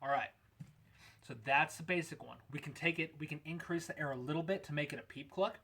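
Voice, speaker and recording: A man explaining goose calling technique in a relaxed, conversational instructional video. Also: a little high, a little fast, slightly rough. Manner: relaxed, conversational, lots of "we're gonna".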